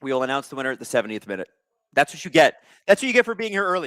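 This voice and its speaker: A man's voice: medium pitch, very animated, very fast, a bit bright, dry recording. A young man hosting a live watch-along stream, chatting casually and reading out viewer comments with jokes. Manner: chatty, reads viewer comments aloud, joking. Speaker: livestream host.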